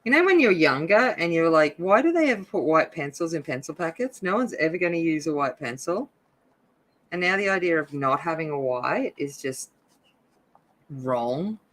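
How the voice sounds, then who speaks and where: A woman's voice: low-pitched, lively intonation, moderate pace. A woman chatting casually and telling rambling stories while she colors at home. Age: adult. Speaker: coloring channel host.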